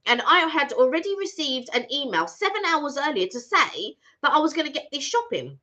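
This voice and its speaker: A woman hosting a casual live stream, telling a story in an animated way and acting out both sides of a phone call. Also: sits high, moderate pace. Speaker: channel host. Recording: dull lo-fi stream audio.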